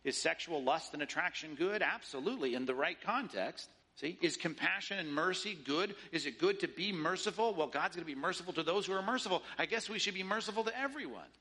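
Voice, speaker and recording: A man's voice: on the high side, expressive, a little fast, few pauses, bright, forceful tone, husky. A man preaching a sermon in an emphatic, rhetorical way, often mimicking the views he argues against. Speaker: pastor.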